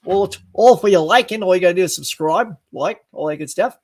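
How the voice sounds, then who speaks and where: A man's voice: high voice, a little fast, darkish tone. A man voicing a chirpy, cheeky male merch salesman with breezy sales patter who calls the listener mate.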